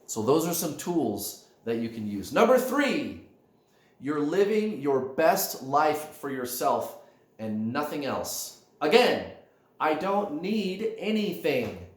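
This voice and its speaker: Animated man in an echoey room. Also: a little high, takes it slowly. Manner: animated, emphatic, addresses viewers as guys. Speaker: spiritual coach. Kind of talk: direct-to-camera coaching talk.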